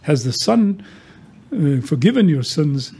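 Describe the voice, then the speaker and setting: A man's voice: fairly high pitch, very animated, measured pace, dark tone, slightly rough. A man preaching a sermon who tells stories and asks rhetorical questions. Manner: storytelling, rhetorical questions, many quoted exchanges.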